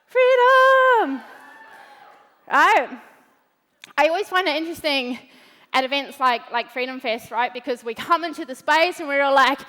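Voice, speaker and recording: A woman's voice: high-pitched, fairly quick, pushed and bright. A woman giving a brash, swearing motivational talk on a big event stage. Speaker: motivational speaker. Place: large event hall stage. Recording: reverberant large hall.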